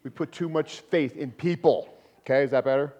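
A man preaching a sermon in a lively, conversational way, with laughs and sudden loud emphasis. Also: medium pitch, fairly quick, lo-fi sound. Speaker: pastor.

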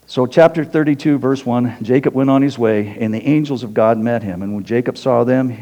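A man preaching a sermon in a loose, conversational way, often checking in with the congregation with a quick "okay?". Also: mid-range voice, mellow. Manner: conversational, tags lines with "okay?". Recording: hall reverb.

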